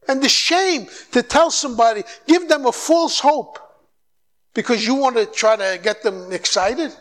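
A guest preacher with a strikingly high voice delivers an impassioned sermon. He fires rapid questions at the congregation and acts out brief exchanges, his pitch rising as he spurs them on, animated and exhorting throughout.

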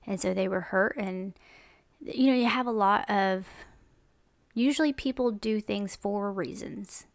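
A young woman speaks about faith in a casual, chatty way, slipping into mimicry of other people. Her voice has a gravelly fry, and the recording is close and dry with no room sound. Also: mid-range voice, unhurried, dry recording. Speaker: Christian vlogger. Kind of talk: casual faith talk to camera.

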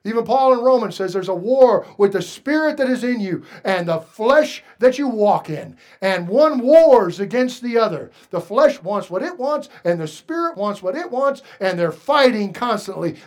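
A man preaching a sermon as pastor, earnest and plain-spoken, moving between hushed confession and loud exhortation. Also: high-pitched, lively intonation, measured pace, hardly any pauses.

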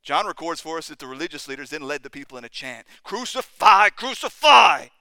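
Male pastor, fervent sermon delivery, clear resonant tone, dry close sound. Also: fairly high pitch, racing, no room sound. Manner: impassioned preaching, rising to loud cries at climaxes.

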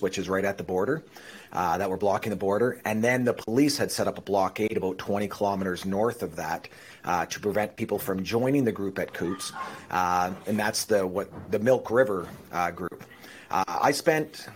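Male pastor guest, low voice, earnest, hesitant storytelling. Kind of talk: casual storytelling.

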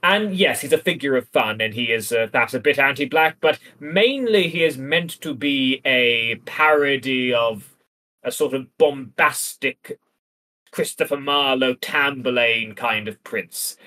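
A man's voice: mid-range voice, lively intonation, unhurried, pushed and bright. A man co-hosting a podcast, casually and wryly analyzing a comic adaptation. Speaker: podcast co-host.

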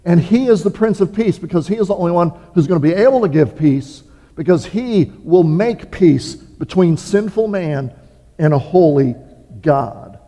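A man preaching a sermon as pastor, reading scripture and then explaining it in an earnest way, with measured pauses and small restarts. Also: high voice, lively intonation, mellow. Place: church sanctuary. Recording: long reverb of a large hall.

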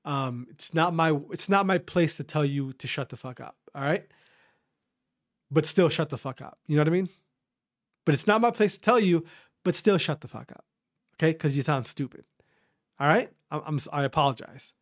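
A man rambles through a solo podcast monologue, blunt and profane. He repeats himself often, and his voice sits slightly high for a man. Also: animated, moderate pace, long pauses. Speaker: podcast host. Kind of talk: casual ranting podcast monologue.

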